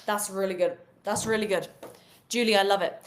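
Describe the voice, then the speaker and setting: On a live stream, a young British woman gives viewers coaching on social media selling in a lively, talkative way, peppered with fillers. Her voice sits at medium pitch and moves briskly, with a slight background noise present.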